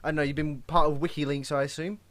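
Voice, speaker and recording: A man's voice: fairly high pitch, flat delivery, fast talker, fairly bright tone, no echo. A young man hosting a casual podcast, joking and rambling in a loose, chatty way. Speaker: podcast host.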